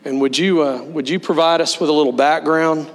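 A man pastor delivering a sermon, leading the congregation in slow, emphatic call-and-response. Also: on the high side, fairly even intonation. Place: church sanctuary. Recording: long hall reverb with mains hum.

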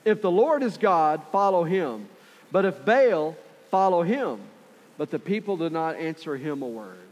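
Preacher in a long-reverb hall. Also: male voice, on the high side, very animated, unhurried, a little mellow, dull audio. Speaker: pastor. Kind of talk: sermon.

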